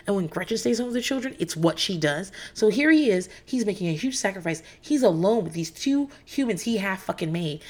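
A woman's voice: medium pitch, lively intonation, a little fast, few pauses. A woman in her thirties or forties recapping reality TV in a candid, profane, rambling way, with frequent fillers. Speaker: podcast host.

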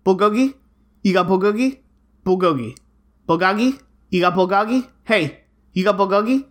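A woman's voice: medium pitch, animated, normal speed, lightly acted. A woman putting on a rambling male customer who keeps repeating the same insistent question. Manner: repetitive, insistent. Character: rambling man customer shouting an order.

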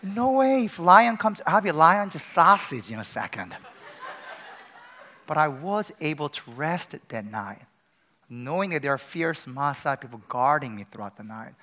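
Animated man preaching. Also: fairly high pitch, unhurried. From Korea. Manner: animated storytelling with sudden loud bursts. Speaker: pastor. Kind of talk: sermon.

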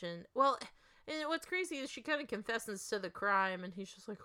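A woman's voice: mid-range voice, moderate pace, sharp tone, clear, resonant tone. A young woman co-hosting a podcast, chatting casually about a movie with playful jokes and trivia. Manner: playful, jokey, drops trivia and quips. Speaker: podcast co-host. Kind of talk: casual movie recap chat.

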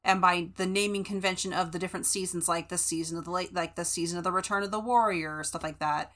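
A woman co-hosts a casual book podcast, her voice bright and forward. She rambles along loosely with lots of fillers and restarts. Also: fairly low pitch, steady tone, fast. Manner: chatty, many fillers and restarts. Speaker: podcast co-host.

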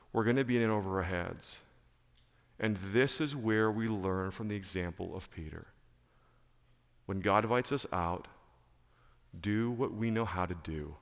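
A male pastor preaching a sermon in church, emphatic and animated, repeating key phrases. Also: low voice, big-room sound.

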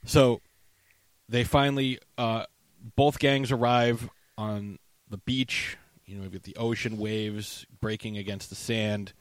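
A man casually recapping a movie scene with a co-host, animated and swearing freely. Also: lowish voice, slow, no echo.

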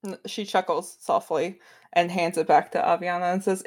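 A woman's voice: fairly low pitch, steady tone, moderate pace, a little mellow. A woman playing a tabletop game who casually narrates what her character does and often says "like.". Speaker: player.

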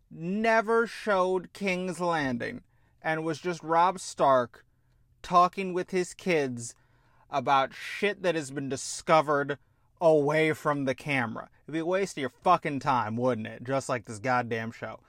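Exasperated man ranting, slow and sarcastic. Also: a little high, animated, fairly bright tone, no echo, clean studio sound. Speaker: show host. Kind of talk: ranting TV review.

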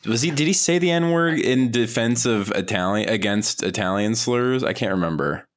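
A man co-hosting a podcast in casual chat, telling rambling anecdotes. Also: moderate pace. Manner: rambling storyteller, jumps pitch when excited. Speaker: podcast co-host.

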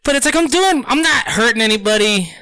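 A man tells a story on a casual podcast, high-pitched and animated, swearing freely as he acts out quotes. His voice is bright and forward. The room sounds dry and close. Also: a little fast, clear, resonant tone, no echo.

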